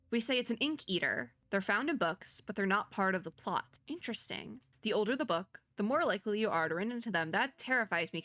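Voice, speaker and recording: A woman doing let's play commentary, reading game text aloud and chatting in an excitable, nervous way. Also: medium pitch. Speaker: gaming video creator.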